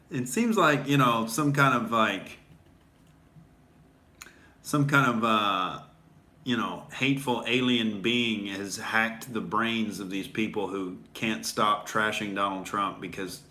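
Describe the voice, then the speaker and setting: Male comic host, sarcastic ranter, bright edgy voice, echoey room. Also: lowish voice, slow pace, long pauses. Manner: sarcastic, mocking, swears freely. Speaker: comedian host. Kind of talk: sarcastic comedy rant.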